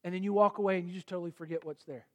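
A middle-aged male pastor preaching a sermon in an earnest, emphatic way, rising to forceful peaks. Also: sits high, steady tone, rapid-fire.

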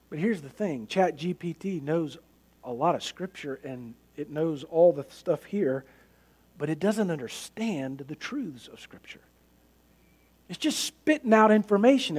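Man, high voice, pastor, sermon, earnest, emphatic repetition. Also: a little mellow.

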